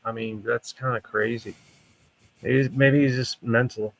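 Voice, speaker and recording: A man in casual podcast chat who talks haltingly with many restarts, saying "dude" and "like". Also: medium pitch, fairly even intonation, vocal fry, no room sound, rough recording. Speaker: podcast co-host.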